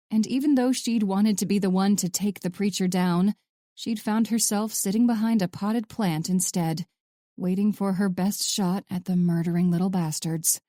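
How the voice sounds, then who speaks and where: A woman narrating a thriller audiobook in a steady, sardonic storytelling voice. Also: mid-range voice, no room sound, clean studio sound.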